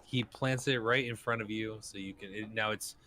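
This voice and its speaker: A man narrating a tabletop role-playing game as game master, in a relaxed, loose manner. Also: fairly low pitch, normal speed, a little hiss or hum.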